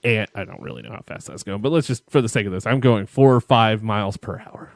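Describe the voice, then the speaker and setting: A man with a fairly low voice spins a long, rambling story for his co-host, cursing freely and laughing at himself. The sound is close and dry, with no room around it. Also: quick pace, vocal fry, dry recording. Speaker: podcast co-host. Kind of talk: casual storytelling chat.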